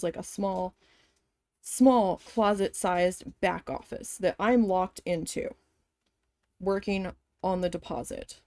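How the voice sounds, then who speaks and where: A woman's voice: mid-range voice, darkish tone, dry recording. A woman chatting casually while she embroiders, telling a long story in a rambling, profane way with lots of fillers. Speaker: craft vlogger.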